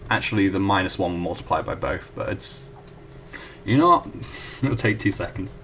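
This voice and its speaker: There's a faint hiss or hum as a young man with a deep, fairly bright voice and lively intonation goes through a math proof at a whiteboard at normal speed. A student tutor, he keeps things chatty, correcting himself and apologizing as he goes.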